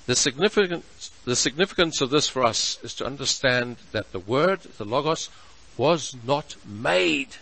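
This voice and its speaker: A man preaching a sermon as pastor, measured and emphatic, stretching out his key words. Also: mid-range voice, lively intonation, gravelly, fairly bright tone, rough recording. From South Africa.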